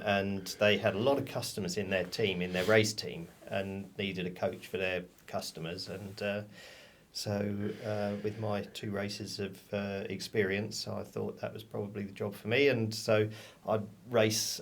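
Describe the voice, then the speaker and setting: A man's voice: on the low side, little pitch movement, a little slow. A man, a racing driver and coach appearing as a podcast guest, recounting stories hesitantly and with self-deprecating humour. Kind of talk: casual chat.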